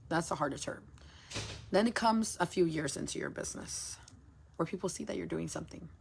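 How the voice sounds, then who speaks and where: Blunt, gravelly-voiced woman venting. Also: low-pitched, expressive, fairly quick, slight background noise. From United States. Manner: frank and profane, repeats phrases. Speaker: small business owner. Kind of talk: casual livestream venting.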